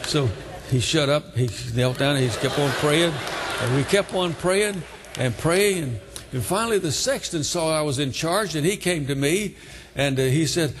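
A man's voice: a little high, moderate pace, long reverb tail. A man preaching a testimony sermon, telling his story fervently and breaking in with hallelujahs. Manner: fervent, exclaims hallelujah between lines.

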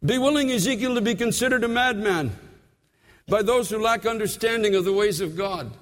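A man with a high voice preaches a sermon in an earnest tone. He often repeats a word as he goes and slows down to stress a point. His voice rings through a large hall with a long echo.

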